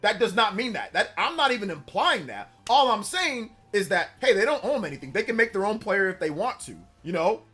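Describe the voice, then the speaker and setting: A man's voice: high-pitched, very animated, normal speed, hardly any pauses, pushed and bright, breathy edge. A young man hosting a casual livestream, defensively answering chat comments and repeating his point, with music playing behind him. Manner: defensive, repeats himself, argumentative. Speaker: livestream host. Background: background music.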